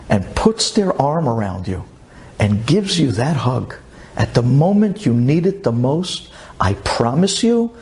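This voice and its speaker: Man preaching with dramatic hushes. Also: medium pitch. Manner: dramatic swings from hushed to soaring. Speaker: religious speaker. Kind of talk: emotional sermon storytelling.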